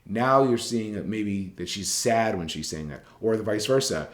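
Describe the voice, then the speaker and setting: A man's voice: lowish voice, animated, moderate pace, reverberant. A man teaching a journalism writing class in a recorded lecture, talking casually and rambling, with many fillers and restarts.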